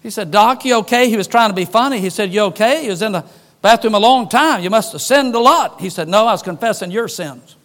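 Pastor, male, high voice, folksy preaching, wry asides, dynamic delivery. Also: animated, quick pace. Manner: folksy, joking asides, shifts between loud emphasis and hushed lines. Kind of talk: sermon.

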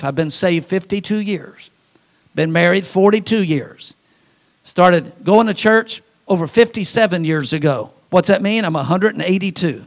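A man in his sixties preaching a folksy sermon in a church, joking with the congregation and leading them in call-outs. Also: sits high. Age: 60s. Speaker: pastor. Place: church sanctuary.

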